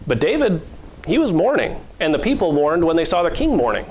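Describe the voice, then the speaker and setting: A male pastor preaching a sermon in an earnest, conversational way, with fillers and soft chuckles. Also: fairly high pitch, huge pitch swings, fairly quick, a little hiss or hum.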